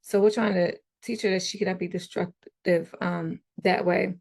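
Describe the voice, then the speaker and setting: A woman talking casually as a podcast guest, telling stories in a chatty, animated way. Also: lowish voice, moderate pace, creaky. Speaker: guest parent.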